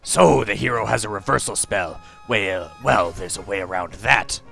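A man voicing a sinister, gloating male evil wizard from a fantasy video game, in a gravelly, theatrical voice. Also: on the low side, normal speed, music in the background, pitched below the performer's own voice.

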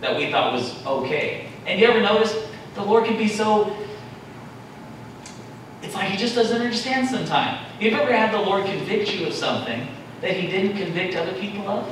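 A man's voice: high-pitched, lively intonation, normal speed, fairly bright tone, slight background noise. A male pastor preaching a sermon, acting out prayers in a raised, pleading voice. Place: church sanctuary. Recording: echoey church hall, mic at a distance.

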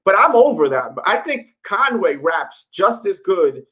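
A man's voice: high-pitched, big pitch swings, a little slow, a bit bright, rough recording. A man talking to camera in a casual, rambling solo commentary, candid and full of fillers. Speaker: sneaker YouTuber.

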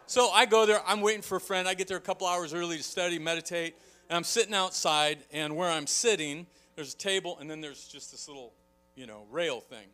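A man preaching a sermon in a church, telling a story with lively energy and acting out the people in it. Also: fairly high pitch, brisk, a faint crowd. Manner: animated storytelling, acting out shouts. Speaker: pastor.

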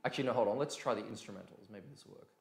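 A man teaching a dance lesson in a casual, energetic way, counting beats and demonstrating them out loud. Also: fairly low pitch, very fast, vocal fry. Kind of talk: live-streamed dance lesson, casual explaining. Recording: echoey room.

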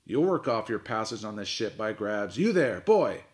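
A loud, bullheaded old sea captain, put on by a man reading a storybook aloud, barking orders in a raised, blustering voice that swings high and low. He is gruff and impatient, with no patience for fools. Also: big pitch swings, normal speed.

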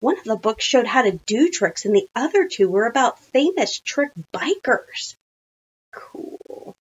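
A woman teacher reading a children's storybook aloud, with chatty, animated asides. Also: on the high side, normal speed, muffled recording, a little hiss or hum.

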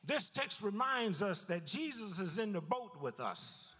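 High-voiced preaching man in a reverberant church. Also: a little slow, breathy edge. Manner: lively preaching with repeated words and sudden drops in pitch. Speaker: pastor. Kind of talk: sermon. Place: church sanctuary.

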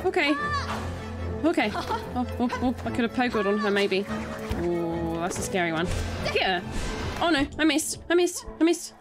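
Female let's-player, high, bouncy voice, panicky exclamations, game music under her. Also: sing-song, normal speed, pauses often. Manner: exclaiming, panicky, laughing often. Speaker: let's play streamer. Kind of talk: excited gameplay commentary.

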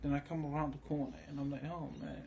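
A man's voice: a little high, little pitch movement, rapid-fire, dark tone, a little hiss or hum. A man telling a rambling, crude story in a casual way, acting out the others in it. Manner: meandering and crude, acts out other voices in quotes. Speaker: vlogger.

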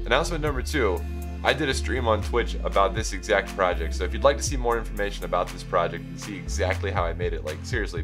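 A young man hosting a casual music production tutorial, rambling and joking about himself with plenty of ums. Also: deep voice. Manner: rambling, self-joking, many filler ums. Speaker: music producer and video host.

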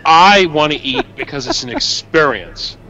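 A man with a New Jersey accent, co-hosting a casual live-stream chat, animated and talkative with quick asides. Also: on the high side, lo-fi sound.

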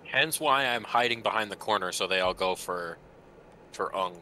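A man speaking as a player in a tabletop game, slow and laid-back. His voice is rather low and bright, with a faint noise behind it. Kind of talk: casual tabletop game play.

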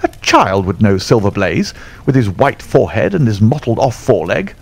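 A man's voice: fairly low pitch, very animated, normal speed, gravelly, breathy edge, heavily acted. A man voicing an agitated older male colonel in an audiobook, with a strained, exclamatory manner. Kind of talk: audiobook character voice.

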